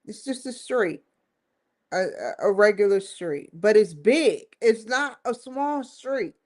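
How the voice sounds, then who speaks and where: A woman's voice: medium pitch, animated, takes it slowly, a little mellow. A woman hosting her own show, giving an emphatic, rambling opinion commentary that circles back and repeats points. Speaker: show host.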